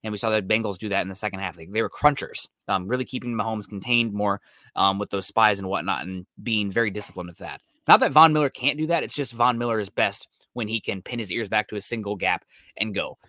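A man co-hosting a sports podcast, talking football in a quick, analytical way with frequent fillers. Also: fairly low pitch, sharp tone, no echo, clean studio sound. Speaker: podcast co-host. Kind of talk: casual sports talk. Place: Seattle area.

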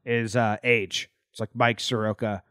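A man's voice: on the low side, little pitch movement, unhurried, fairly bright tone, clean tone, no echo, studio quality. A man co-hosting a casual baseball podcast, speaking in an offhand, loose way and swearing freely. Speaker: podcast co-host. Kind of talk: casual sports chat.

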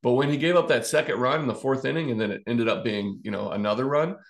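A man's voice: medium pitch, fast, gravelly. A man co-hosting a casual sports podcast, recapping a baseball game with stats and fillers. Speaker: podcast co-host.

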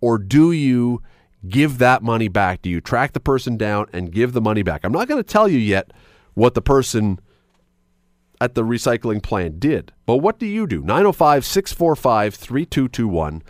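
This man hosts a call-in radio program, rambling pleasantly as he frames a question for listeners. He speaks at a moderate pace in a mid-range voice with big pitch swings, recorded cleanly in a studio with no echo.

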